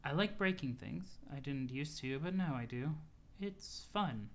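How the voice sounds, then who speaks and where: A man voicing a calm, detached young female troll ghost in a quiet, flat, matter-of-fact way. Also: a little high, a little slow. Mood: deadpan.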